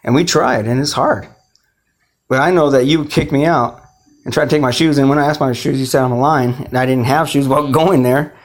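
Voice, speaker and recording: A man's voice: medium pitch, steady tone, fairly quick. A man giving a rambling, emotional personal monologue, swearing often and restarting his sentences. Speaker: speaker telling his own story.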